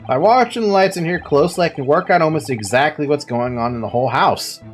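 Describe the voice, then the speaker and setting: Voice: medium pitch, fast, soft background music, natural voice. A let's-player voicing a confident, eccentric male detective in a breezy, self-assured way. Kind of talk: reading game dialogue aloud.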